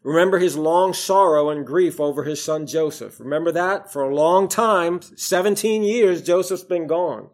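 A male preacher with a slightly higher-than-usual voice, delivering a sermon. He swells into loud, emphatic stretches and then drops to hushed, low lines. He quotes scripture in old King James wording. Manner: rises and falls in volume, emphatic then hushed.

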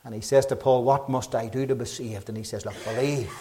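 A middle-aged man with a Northern Irish accent preaching a gospel sermon, fervent and urgent, rising loud then dropping low. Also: steady tone, fairly quick. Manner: fervent, urgent preaching with rises and quiet drops.

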